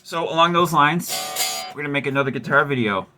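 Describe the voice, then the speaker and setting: A fast-talking man with a higher-pitched voice hosts a guitar repair video. He chats casually as he works on a guitar, rambling with wry self-mockery and lots of filler words.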